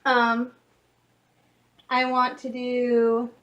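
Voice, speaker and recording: A young woman from Michigan chatting casually in a daily vlog, telling stories in an excitable, rambling way. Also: a little high, very slow, lo-fi sound. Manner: chatty, excitable storytelling with laughs. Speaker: vlogger.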